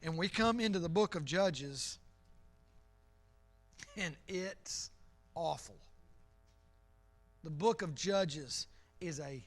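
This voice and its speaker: A pastor with a high, fairly bright voice delivers an earnest sermon in church. His preaching is conversational and he repeats phrases.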